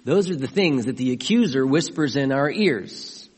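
A man's voice: medium pitch, animated, normal speed, hardly any pauses, husky, big-room sound. A male pastor preaching a sermon, questioning the congregation and building to impassioned emphasis.

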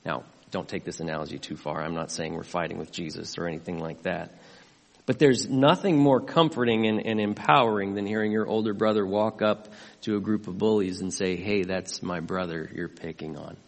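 A man's voice: on the low side, fairly even intonation, brisk, vocal fry, in a large hall. A male pastor preaching a sermon, questioning the congregation and building to impassioned emphasis.

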